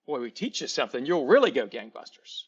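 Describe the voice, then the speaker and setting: A man's voice: mid-range voice, very animated, quick pace, slightly rough. A hearty store manager, full of praise and encouragement, as a man puts him on. The sound is slightly muffled. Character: enthusiastic male store manager.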